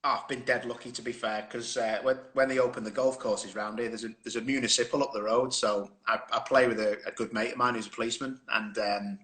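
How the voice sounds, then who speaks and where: A man in easygoing conversation, spinning long, rambling anecdotes and breaking into laughter. His voice sits at an ordinary middle pitch, heard through a phone on a live stream. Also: fairly even intonation, a little fast, few pauses, sharp tone. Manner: chatty anecdotal storyteller, laughs often. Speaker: guest. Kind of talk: casual chat on a live stream. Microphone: phone on a video stream.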